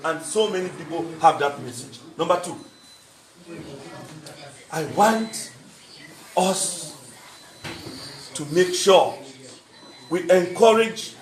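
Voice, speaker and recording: A man's voice: sits high, echoey room, poor audio. A man giving an earnest, emphatic speech at a book launch, repeating phrases for weight. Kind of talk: public speech.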